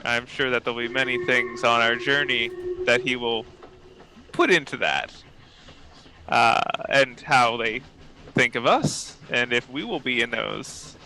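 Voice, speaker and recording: A man voicing a proud, formal woman professor in a tabletop role-play, speaking in a measured, precise way. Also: mid-range voice, pushed and bright, rough recording. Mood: composed. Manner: measured, precise, faintly haughty.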